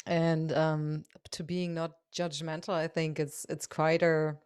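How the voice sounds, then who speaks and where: A woman hosting a podcast interview, talking softly and hesitantly. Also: deep voice, level tone, takes it slowly, clear, resonant tone, no room sound, studio quality. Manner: soft-spoken, hesitant, many fillers and restarts. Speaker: podcast host. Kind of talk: casual interview.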